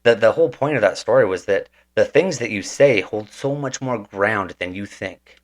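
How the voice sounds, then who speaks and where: A man's voice: fairly low pitch, lively intonation, moderate pace. A man hosting a podcast, telling a story in a casual, slangy way and calling people "dude" and "man". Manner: laid-back and slangy, says "dude" and "man". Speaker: podcast host. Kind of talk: casual conversation, animated storytelling.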